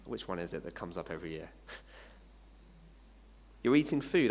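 A man preaches a sermon in a relaxed, conversational way, often asking rhetorical questions. His pitch moves up and down a lot. The voice trails off into a long hall reverb, as if in a large church. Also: a little slow, long pauses. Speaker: pastor.

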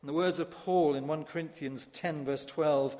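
A high-pitched male pastor from the United Kingdom delivers an animated sermon. His voice climbs to emphatic peaks and slips into dry asides. A long church reverb trails each phrase. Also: normal speed.

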